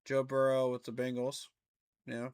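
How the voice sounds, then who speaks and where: Slow-talking incredulous man. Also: mid-range voice, completely flat delivery, darkish tone, smooth. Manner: incredulous, ranting, laughing asides. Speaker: fan channel host. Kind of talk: casual reaction commentary.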